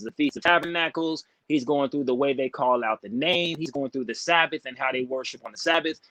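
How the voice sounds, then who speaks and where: A man's voice: mid-range voice, no room sound, low-quality recording. A man explaining a point insistently, step by step. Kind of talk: explaining in a talk show.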